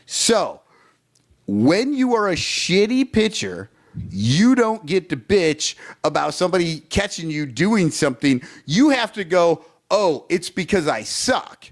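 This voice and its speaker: A man co-hosting a baseball fan podcast who rants with heated, profane energy. His pitch sits a little high and swings widely as he gets worked up. He talks in a loose, casual way. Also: sing-song, unhurried. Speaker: podcast co-host. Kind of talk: casual sports chat.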